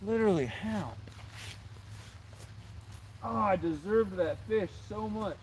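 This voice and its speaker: Young male fishing streamer, slightly high voice, casual and exasperated, faint outdoor ambience. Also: takes it slowly, slight background noise. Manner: exasperated, repeats himself, talks to chat. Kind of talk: casual live-stream chat. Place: outdoors by water.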